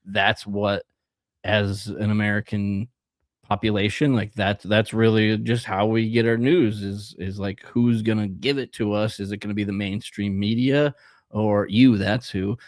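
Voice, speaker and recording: Rambling young man, low voice. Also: steady tone, a little slow, no echo. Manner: rambling, acts out quotes in funny voices. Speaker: podcast co-host. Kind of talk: casual chat.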